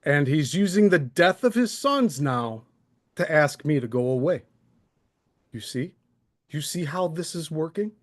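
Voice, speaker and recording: A man's voice: on the high side, expressive, measured pace, long pauses. A man hosting a live stream, airing his grievances in a sarcastic, aggrieved rant. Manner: aggrieved, sarcastic, mocking impressions.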